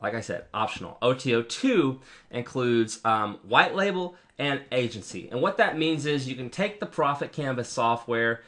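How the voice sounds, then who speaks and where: A man giving a casual, rambling review of marketing software while clicking through it on screen, with frequent ums and restarts. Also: mid-range voice, animated, moderate pace. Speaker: product reviewer.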